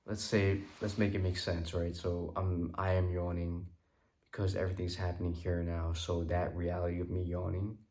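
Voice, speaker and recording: A tired man talks through spiritual ideas in a loose, rambling way and keeps checking in with "right?". His voice sits low and barely rises or falls. He often slows down to stress a point. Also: vocal fry, darkish tone. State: tired and yawning. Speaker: creator talking about manifestation. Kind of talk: casual spiritual talk to camera.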